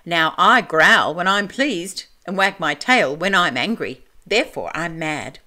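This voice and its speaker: Storybook cat, grinning and teasing, lively lilt; woman reader. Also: fairly low pitch, measured pace. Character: grinning riddling male cat, calm and teasing.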